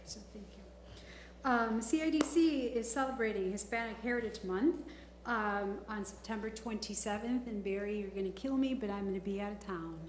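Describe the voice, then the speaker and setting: A woman's voice: mid-range voice, moderate pace. A woman from Chicago, a village trustee, speaking chattily at a board meeting and often breaking into laughter. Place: council chamber. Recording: roomy chamber audio, faint noise.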